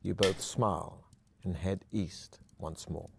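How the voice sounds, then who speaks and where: A man narrating a fantasy adventure game in the second person, calm and even. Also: low-pitched, slow, vocal fry.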